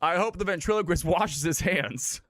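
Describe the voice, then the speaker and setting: A man's voice: sits high, moderate pace, fairly bright tone, no echo. A young man streaming, telling jokes in a loose, rambling way. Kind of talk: casual joke-telling on stream.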